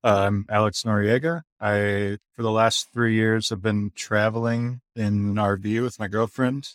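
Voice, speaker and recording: A man's voice: lowish voice, little pitch movement, unhurried, no room sound, studio quality. A man from the American Midwest, a photographer, talking casually as a podcast guest with hesitant restarts. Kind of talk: casual interview talk.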